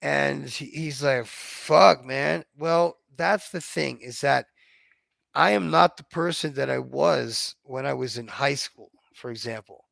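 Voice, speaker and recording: A man's voice: mid-range voice, measured pace, fairly bright tone, dry recording. A man telling stories from his own life in a blunt, profane, somewhat robotic way. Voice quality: gravelly. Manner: blunt, profane, self-described robotic delivery. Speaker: vlogger. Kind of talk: casual storytelling monologue.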